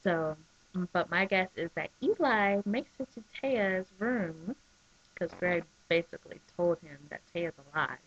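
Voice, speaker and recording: A woman in casual chat, talking excitably with lots of "like" and "um" as she recaps a soap episode on her webcam. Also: on the low side, a little slow. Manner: chatty and excitable, full of "like" and "um". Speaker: soap opera recap vlogger. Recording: dull lo-fi webcam audio.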